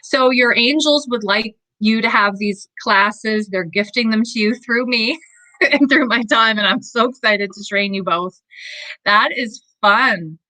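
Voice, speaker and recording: Effusive woman host, bright voice, dry close sound, casual live chat. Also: on the high side, unhurried, dry recording, poor audio. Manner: effusive, gushing, laughs often. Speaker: livestream host and spiritual coach.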